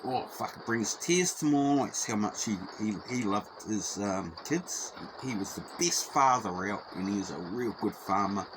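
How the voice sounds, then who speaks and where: A man's voice: fairly low pitch, lively intonation, moderate pace, few pauses, noisy background. A middle-aged man with a New Zealand accent telling a personal story casually, swearing freely and repeating himself as he goes.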